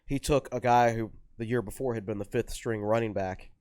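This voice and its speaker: A man's voice: mid-range voice, brisk, darkish tone, dry recording, studio quality. A man co-hosting a sports podcast, talking conversationally with frequent fillers and restarts. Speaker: podcast co-host, sports writer. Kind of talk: casual podcast chat.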